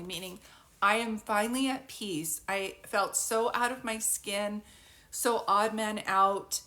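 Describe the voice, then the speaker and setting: A woman's voice: medium pitch, measured pace, bright, forceful tone. A woman working as a psychic medium, giving a live spirit reading in a chatty, informal way and laughing often.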